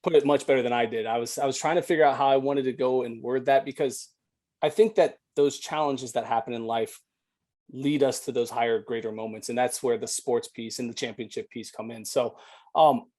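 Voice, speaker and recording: A man's voice: mid-range voice, fairly quick, darkish tone. A man hosting a podcast interview, asking questions in a friendly, playful way. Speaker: podcast host. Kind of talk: casual interview conversation.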